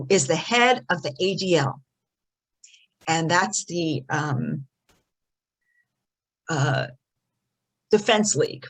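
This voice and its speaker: A woman teaching a lesson through stories, animated, swinging between loud and soft for emphasis. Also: fairly high pitch, rough recording. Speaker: rebbetzin teaching. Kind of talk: storytelling lesson.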